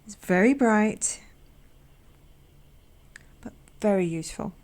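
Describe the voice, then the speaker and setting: Slow, gravelly, soft-spoken woman painter. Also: medium pitch. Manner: gentle and chatty, drops to a soft near-whisper; self-deprecating asides. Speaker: watercolor artist and channel host. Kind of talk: casual narration while painting swatches.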